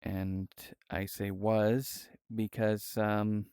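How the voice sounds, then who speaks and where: A young man streaming live, speaking in a halting, soft-spoken way with many fillers. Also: fairly low pitch, level tone, smooth, no room sound, clean studio sound. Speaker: livestreamer. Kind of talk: casual livestream chat. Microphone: VR headset setup.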